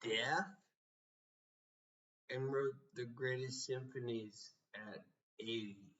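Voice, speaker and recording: A man's voice: medium pitch, steady tone, takes it slowly, a bit bright, distant mic, lo-fi sound. A man giving a blunt, profane motivational rant, sounding exasperated. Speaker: motivational speaker.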